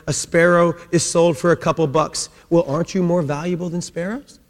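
A male preacher delivering a sermon, emphatic and repetitive, swinging between raised calls and hushed phrases. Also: fairly high pitch, fairly even intonation, brisk. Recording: echoey hall.

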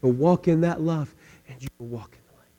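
A man preaching a sermon, swinging between impassioned shouting and hushed intensity. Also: fairly high pitch, brisk, highs cut off. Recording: long reverb of a large hall.

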